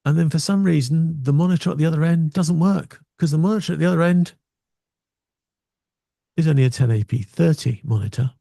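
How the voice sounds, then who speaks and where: A man in a casual chat, explaining video gear in a relaxed, self-mocking way. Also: a little high, fairly quick, creaky, no echo, clean studio sound.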